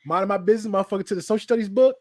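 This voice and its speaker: A man's voice: high-pitched, racing, background noise. A man with a faint Southern drawl, telling stories in casual chat. He acts out quotes and swears freely. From American South.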